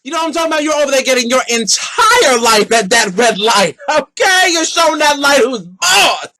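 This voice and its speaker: A man's voice: extremely high pitch, expressive, moderate pace, bright, forceful tone. A man hosting his own podcast, delivering an opinionated, sassy monologue with whooping exclamations. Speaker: podcast host.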